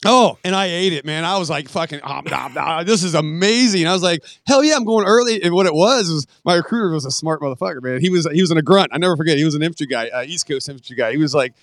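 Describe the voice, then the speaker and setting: Middle-aged man on a podcast, spinning a long war story in a loose, swearing drawl. His voice sits a little high for a man and sounds close and dry, with no room echo, and he slips into the voices of the people he quotes. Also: fast talker, hardly any pauses. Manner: profane, laid-back storyteller, acts out quoted voices. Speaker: podcast guest. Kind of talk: casual storytelling interview.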